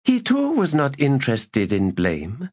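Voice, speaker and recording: A man's voice: mid-range voice, wildly swooping pitch, unhurried, a little mellow, voice pushed up. A man voicing Kilmandaros, a huge fanged goddess, fierce and defiant, in a raised voice.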